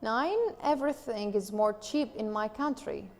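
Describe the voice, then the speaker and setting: A woman with an Iraqi Arabic accent gives a recorded online grammar lesson, slowly reading out example sentences before explaining them. Her voice sits a little high, and a long reverb trails behind it, as if she were in a large hall. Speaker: English teacher.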